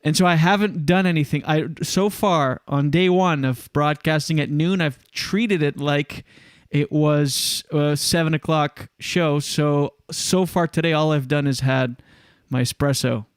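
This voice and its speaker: A man's voice: fairly high pitch, a little slow, few pauses, clean tone, no room sound. A man hosting a live podcast from a windowless studio room, talking in a rambling, chatty way and often correcting himself. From Canada. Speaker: podcast host. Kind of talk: casual live podcast chat.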